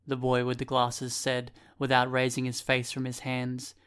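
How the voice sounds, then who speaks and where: Man narrating a story, measured. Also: mid-range voice, monotone, fairly bright tone, clear, resonant tone. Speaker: audiobook narrator. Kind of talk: scripted narration.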